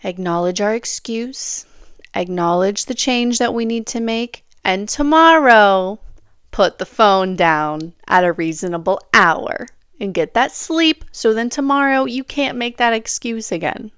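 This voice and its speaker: A woman hosting a solo advice podcast, talking straight to the listener in a sassy, animated way and calling her "girl". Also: on the high side, measured pace, smooth, dry recording, studio quality. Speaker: podcast host. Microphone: phone or camera on charger.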